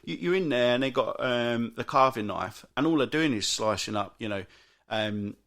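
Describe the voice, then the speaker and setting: A British man hosting a solo podcast, grumbling in an exasperated rant with frequent restarts and big jumps in pitch. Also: expressive, moderate pace, a bit bright. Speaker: podcast host. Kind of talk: solo ranting monologue.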